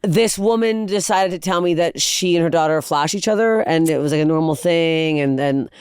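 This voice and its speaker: A woman comedian in her thirties telling animated, profane stories as a podcast guest, acting out the people she quotes. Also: sits low, moderate pace, smooth, no room sound, studio quality. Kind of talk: casual podcast chat.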